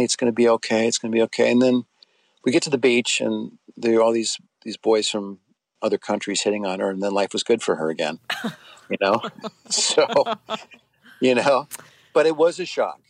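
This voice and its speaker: A man's voice: fairly low pitch, a little slow, long pauses, no echo. A middle-aged man, an interview guest, recalling his acting years in a rambling, anecdotal way with many fillers and restarts. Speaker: interview guest, former soap actor. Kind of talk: casual interview storytelling.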